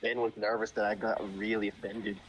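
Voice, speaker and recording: A man's voice: on the low side, level tone, brisk, highs cut off, a little hiss or hum. A man in casual chat on a live stream, talking bluntly and emphatically with plenty of swearing.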